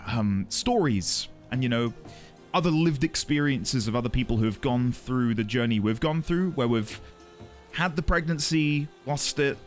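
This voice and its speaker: Soft music plays behind a man speaking at medium pitch and moderate pace. During his live stream he greets viewers by name and holds an earnest, emotional, casual chat with his audience.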